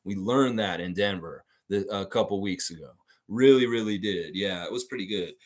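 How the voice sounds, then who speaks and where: A low-voiced American man talks at a normal speed while hosting a live sports fan show. His casual stream commentary is emphatic and blunt, and he curses often.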